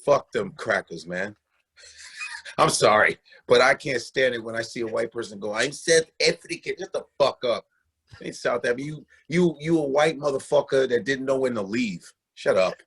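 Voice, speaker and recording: Husky, profane comic riffing man. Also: mid-range voice, moderate pace. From Nigeria. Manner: animated, swearing, acts out mocking voices. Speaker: comedian guest.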